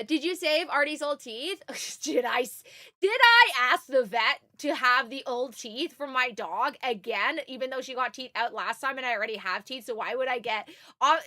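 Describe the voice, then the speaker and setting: A woman streams live and chats nonstop with her viewers, excitable and quick to greet each one. Her voice sits very high and sounds bright and ringing. It is close to the mic and completely dry. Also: no echo. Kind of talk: casual live-stream chat.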